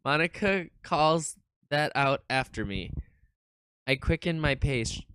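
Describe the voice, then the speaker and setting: Bright, crisp-voiced game streamer. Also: mid-range voice, slow pace, no echo. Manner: animated, swearing, nervous laughs, reads game text aloud. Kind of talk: casual let's-play commentary and reading.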